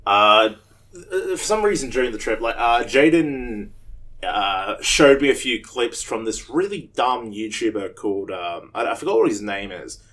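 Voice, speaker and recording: A man's voice: medium pitch, unhurried. A young Australian man telling a rambling, profane story on a casual podcast. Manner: rambling and profane, with loud animated quoted voices. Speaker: podcast co-host.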